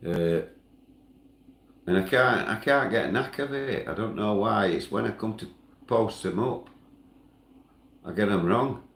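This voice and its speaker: A man ranting and chatting on a livestream in broad northern dialect, with loud outbursts. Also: low voice. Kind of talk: angry livestream rant. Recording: echoey room.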